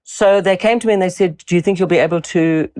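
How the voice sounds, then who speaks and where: A woman's voice: on the low side, fast talker, darkish tone. An older woman, a voice coach and actress answering interview questions thoughtfully, often repeating words as she searches for them.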